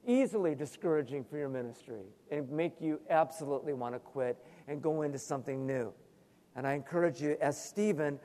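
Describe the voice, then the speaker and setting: A male pastor preaching a sermon, animated, with sudden emphatic rises and asides. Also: a little high, long reverb tail.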